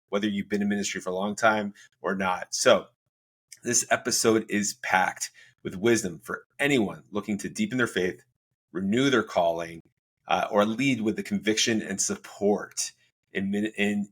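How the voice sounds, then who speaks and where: Upbeat low-voiced male podcast host. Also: a bit bright. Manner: upbeat, chatty, stumbling over words. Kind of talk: podcast hosting and interviewing.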